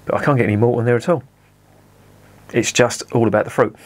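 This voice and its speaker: A man's voice: mid-range voice, fairly even intonation, fast. Chatty man reviewing beer. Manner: chatty, self-correcting, swears at the camera. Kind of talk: casual review monologue.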